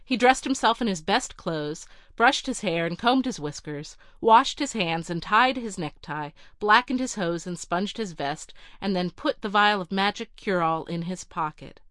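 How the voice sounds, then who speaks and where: A woman narrating a storybook in a measured, clear reading. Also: mid-range voice, lively intonation, fairly bright tone, dry recording, studio quality.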